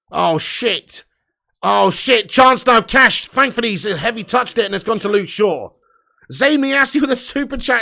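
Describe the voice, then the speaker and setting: A man's voice: high voice, creaky, pushed and bright. A young man hosting a live football watch-along, commentating and ranting with lots of swearing. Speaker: fan watch-along host.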